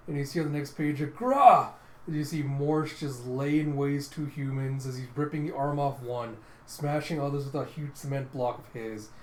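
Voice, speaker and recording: A man's voice: medium pitch, level tone, normal speed, dark tone. A man casually narrating a comic readthrough in a rambling play-by-play with fillers. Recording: roomy echoey room with faint hiss.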